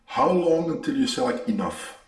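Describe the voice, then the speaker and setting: A man's voice: mid-range voice, lively intonation, moderate pace, roomy sound, far from the mic. A man hosting a podcast, arguing his point emphatically with analogies and the odd curse word. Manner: emphatic, argumentative, uses analogies and profanity. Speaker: podcast host. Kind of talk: conversational interview.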